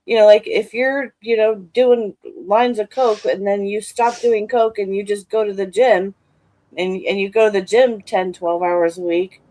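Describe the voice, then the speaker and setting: A woman's voice: medium pitch, steady tone, a little slow, dark tone, dry recording, poor audio. A woman hosting a live stream, chatting casually and bluntly, swearing freely. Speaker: stream host. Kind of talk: casual chat.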